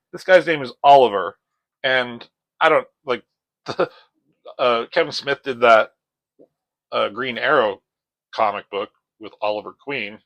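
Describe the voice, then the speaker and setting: A man's voice: medium pitch, lively intonation, moderate pace, a bit bright, no room sound, poor audio. Profane rambling man reviewing comics. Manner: profane, rambling, retells scenes in voices.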